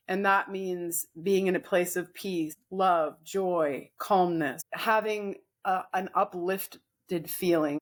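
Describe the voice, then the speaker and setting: A woman co-hosting a podcast in casual chat, reflective and gentle, often restarting her sentences. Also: lowish voice. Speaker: podcast co-host.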